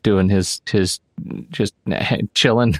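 A man's voice: lowish voice, fairly even intonation, slow pace, no room sound, clean studio sound. A man co-hosting a podcast in casual chat, joking and teasing, often restarting his sentences. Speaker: podcast co-host.

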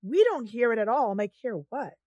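High-voiced woman from Boston telling stories. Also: fast, lo-fi sound, a crowd in the background. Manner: animated storytelling with acted-out quotes. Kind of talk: casual chat.

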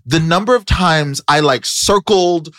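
A man co-hosting a podcast, chatting casually, playful and quick to laugh. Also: on the high side, fairly bright tone, dry recording. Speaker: podcast co-host. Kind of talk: casual chat.

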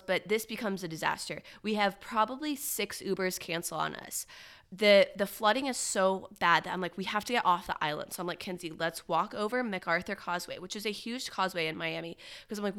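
A woman's voice: mid-range voice, clean tone. A young woman, telling a rambling story in casual chat, a little nasal this morning. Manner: animated, rambling storyteller with lots of "like". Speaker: podcast co-host.

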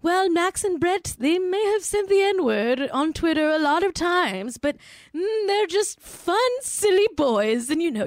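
A woman doing a mocking, high sing-song impression of a smug, wealthy older woman who excuses everything. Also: no room sound, studio quality.

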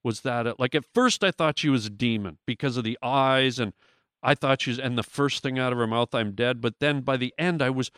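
A man's voice: mid-range voice, brisk, fairly bright tone, clean tone, no room sound, clean studio sound. A man, a guest comedian, telling a story in casual talk, with lots of restarts and acted-out quotes.

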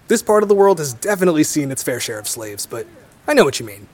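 A young man being interviewed, relaxed and wry, laughing easily. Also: on the high side, fast talker. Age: young adult. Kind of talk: conversational interview.

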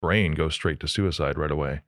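Deep-voiced probing male interviewer. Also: normal speed, fairly bright tone, no room sound, clean studio sound. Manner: probing, conversational. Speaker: host. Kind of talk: interview questioning.

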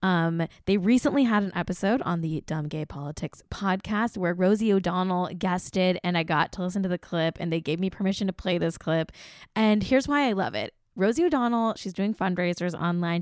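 A woman's voice: fairly low pitch, no echo, clean studio sound. A woman hosting a casual pop-culture podcast, chatty and gushing, laughing often between remarks. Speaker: podcast host.

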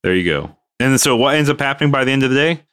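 Bright-voiced man telling a work story. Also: medium pitch, very fast, clean tone. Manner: animated, acts out quoted dialogue. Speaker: podcast co-host. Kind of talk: casual storytelling chat.

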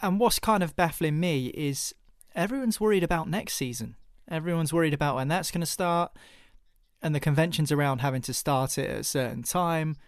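Man from southern England, podcast co-host, wry and joking, somewhat high pitch, dry recording. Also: brisk, dry recording. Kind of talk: casual football podcast chat. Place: home during lockdown.

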